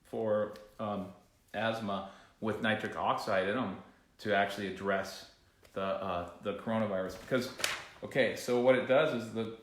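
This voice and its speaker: A man's voice: lowish voice, steady tone, moderate pace, slight background noise. A man leading a casual breathing class, rambling, restarting sentences and joking aside to a co-host. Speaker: breathing coach. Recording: echoey room.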